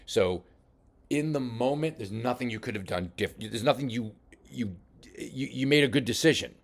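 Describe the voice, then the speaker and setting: A man coaching a boxer while reviewing fight footage, talking casually with many halting restarts. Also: mid-range voice. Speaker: boxing coach. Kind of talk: film study commentary.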